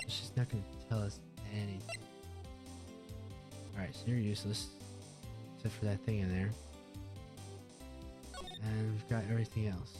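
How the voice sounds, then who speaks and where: A man's voice: fairly low pitch, flat delivery, moderate pace, pauses often. A man playing through a story game, making wry, muttered asides between scenes, over game music. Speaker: game streamer. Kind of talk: casual game commentary.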